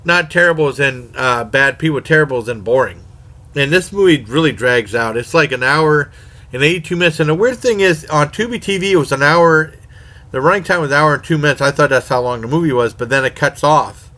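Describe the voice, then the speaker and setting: Rambling man with a bright tone. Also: on the high side, brisk. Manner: rambling, self-correcting, many fillers. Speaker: horror movie reviewer. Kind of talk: casual spoken movie review.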